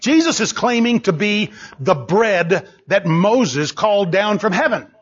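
A man's voice: sits high, sing-song, a little slow, husky. A man preaching a sermon, emphatic and repeating phrases for stress. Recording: dull lo-fi sermon recording.

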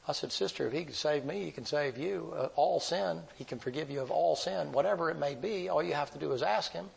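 A man preaching, telling a long story in a folksy, drawn-out way. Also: medium pitch, vocal fry, husky, poor audio. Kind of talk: sermon storytelling.

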